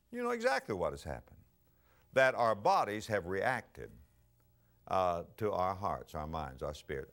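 A middle-aged male pastor preaching a sermon, telling stories with acted-out voices and swinging between soft asides and loud bursts. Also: sits low.

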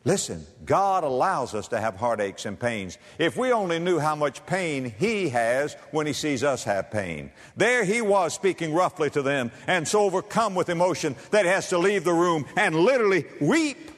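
Dramatic preacher man in a reverberant hall. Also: big pitch swings. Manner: dramatic swings from loud high emphasis to low quiet delivery; reads scripture aloud, drawn-out stressed words. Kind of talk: sermon.

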